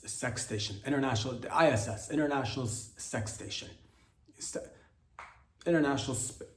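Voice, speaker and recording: A man's voice: medium pitch, darkish tone, slight background noise. A man hosting a comedy podcast, delivering a rambling, profane monologue and tripping over his words. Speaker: podcast host. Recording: roomy echo.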